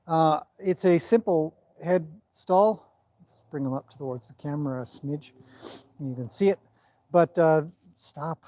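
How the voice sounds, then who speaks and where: A man's voice: fairly high pitch, warm tone, no echo. A man who trains horses, chatting casually through a livestream, rambling and breaking off to talk to his horse.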